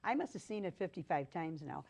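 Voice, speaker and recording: Female host, deep-pitched, chatty and giggly. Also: lively intonation, fairly quick, vocal fry, a little mellow, husky. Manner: chatty, laughs often. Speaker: talk show host. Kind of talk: casual chat.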